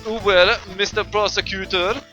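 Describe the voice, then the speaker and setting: Reading game dialogue over game music, a man voices an irritable, pompous male airline passenger in a put-on North European accent. He sounds indignant, making stiff, haughty, clipped declarations in a steady, sharp, unhurried tone that sits high, pitched above his own natural voice.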